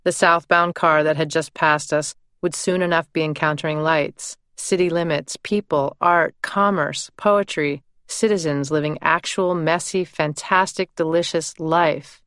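A woman narrating her own memoir in a measured, deliberate first-person reading. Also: sits low, steady tone, fairly bright tone, clear, resonant tone, no echo, clean studio sound.

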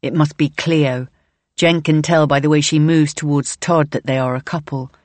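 A woman reading a novel aloud in measured, present-tense audiobook narration. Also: low voice, fairly even intonation, darkish tone, no room sound.

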